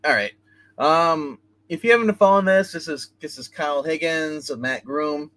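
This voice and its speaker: A man's voice: fairly high pitch, normal speed, a bit bright. A man hosting a casual livestream comic book review, retelling a story loosely with many restarts and fillers. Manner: rambling plot retelling with many restarts and "he's like".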